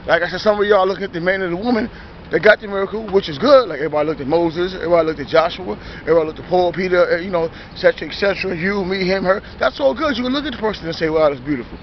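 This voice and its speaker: A man's voice: sits high, racing, muffled recording, a little hiss or hum. A man preaching informally in a repetitive, emphatic way, often stopping to check that listeners understand, and restarting his sentences as he rambles on. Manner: repetitive, emphatic, keeps asking "you understand?"; rambling, self-correcting restarts. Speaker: lay preacher.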